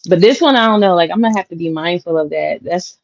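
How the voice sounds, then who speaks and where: On a home livestream, a chatty woman reads comments aloud, laughs frequently and speaks directly to her viewers. She talks fast in a lowish voice with vocal fry, and the recording is dull, lo-fi and dry.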